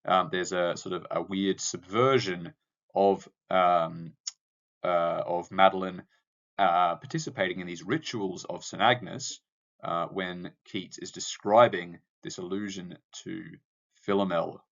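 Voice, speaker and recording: A man's voice: sits low, steady tone, a little slow, creaky, a bit bright, lo-fi sound. A male teacher explaining a poem to his class, with frequent ums and uhs. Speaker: English teacher. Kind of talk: lecture on poetry analysis.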